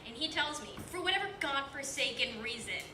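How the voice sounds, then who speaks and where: A woman's voice: high voice, expressive, brisk. An eighteen-year-old woman telling a rambling, self-deprecating story at a stand-up open mic, full of filler words. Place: small comedy club, live audience. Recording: distant, echoey club room with background noise.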